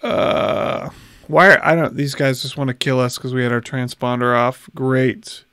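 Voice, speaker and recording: Streaming a space game from home, a man in his thirties keeps up casual chatter with viewers over a desk mic. His mid-range voice is steady, unhurried, pushed and bright, yet smooth. The audio is clean and studio-quality with no echo.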